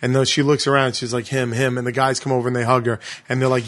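A man co-hosting a podcast, retelling a documentary in casual chat, animated and full of profanity. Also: medium pitch, fast. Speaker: podcast co-host.

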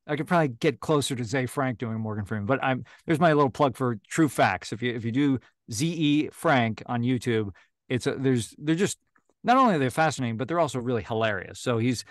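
A man's voice: mid-range voice, lively intonation, fairly quick, no echo, clean studio sound. A man who narrates audiobooks, chatting casually as a video call guest, with lots of fillers and restarts. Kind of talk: casual interview chat.

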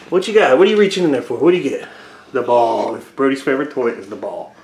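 A young man filming a casual home vlog, talking to his baby sons indoors and slipping into high sing-song baby talk. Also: lively intonation, fairly quick, a little mellow, roomy sound, a little hiss or hum. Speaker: vlogger and father.

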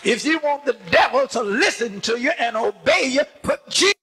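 An older man preaching a fervent sermon as a bishop, punctuating his words with praise and shouted emphasis. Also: very high-pitched, lively intonation, normal speed, vocal fry.

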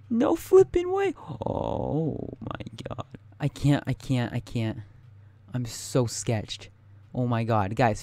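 A young man giving live gameplay commentary, excitable and panicky, talking straight to his viewers. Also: mid-range voice, no echo. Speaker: gaming YouTuber.

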